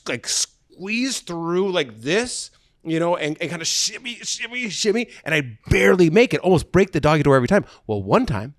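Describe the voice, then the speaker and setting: Animated self-mocking man telling a story. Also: mid-range voice, no echo, clean studio sound. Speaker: podcast host. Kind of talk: casual chat, storytelling.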